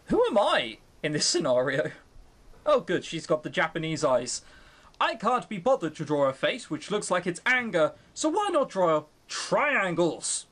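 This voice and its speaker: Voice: medium pitch, very animated, a little slow, fairly bright tone. A young streamer reading a visual novel aloud and mocking it in a chatty, sarcastic way, close to the mic at home. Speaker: let's-play host. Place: home room on webcam. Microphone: close desk mic.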